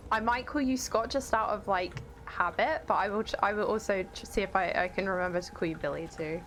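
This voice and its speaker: A woman's voice: mid-range voice, brisk, a bit bright, faint music behind. Chatty woman streamer reading chat. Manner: chatty, reads chat aloud, exclaims at the game. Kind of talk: casual live-stream chat while gaming.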